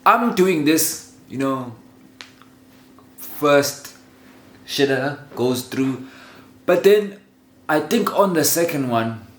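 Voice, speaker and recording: A man telling a childhood story in a casual, animated way, laughing often and swearing freely. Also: on the high side. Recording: roomy echo with faint ambient noise.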